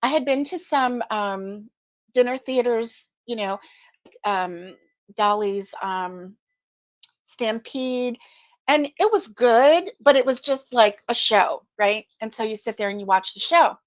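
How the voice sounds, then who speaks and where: Middle-aged woman, host of a casual crochet livestream; slow, sleepy and chatty, slightly high voice, dry close recording. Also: expressive, no room sound. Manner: sleepy, chatty, yawning often. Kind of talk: casual morning livestream chat.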